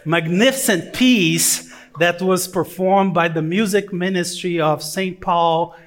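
A man preaching a sermon and praying, speaking English with a non-native accent, earnest with halting fillers and joking asides. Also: sits high. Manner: joking, self-mocking asides. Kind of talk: sermon with prayer.

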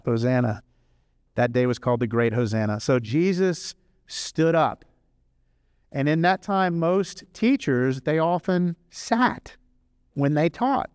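A man preaching a sermon, animated and emphatic, switching between rushed runs and slow drawn-out phrases. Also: a little high, no echo, clean studio sound. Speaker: pastor.

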